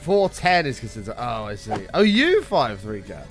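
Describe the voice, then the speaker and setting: A young man hosting a casual gaming live stream, greeting viewers by name and chatting with excitable bursts, his voice slightly rough. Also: mid-range voice, normal speed, soft background music.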